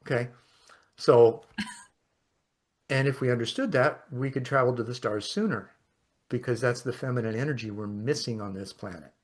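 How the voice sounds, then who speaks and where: Animated man telling a story. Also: medium pitch, normal speed, pauses often. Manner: animated storyteller, acts out quotes, laughs often. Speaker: podcast host. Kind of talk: casual conversation, storytelling.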